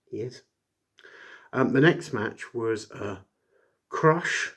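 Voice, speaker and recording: A man's voice: mid-range voice, drawn-out words, long pauses, fairly bright tone, slightly rough. A man casually reviewing an old wrestling show, rambling with many fillers and jokey asides. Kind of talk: casual chat.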